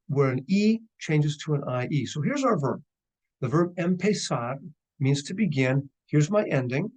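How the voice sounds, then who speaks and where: A man teaching a recorded grammar lesson over screen share, chatty and relaxed, slowing down for careful drills. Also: a little high. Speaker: Spanish teacher.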